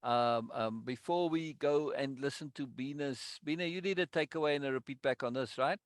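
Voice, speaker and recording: A man's voice: medium pitch, no room sound, studio quality. Man leading an online course. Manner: repeats key points for stress, quick affirmations. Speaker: course leader. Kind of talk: live online teaching session.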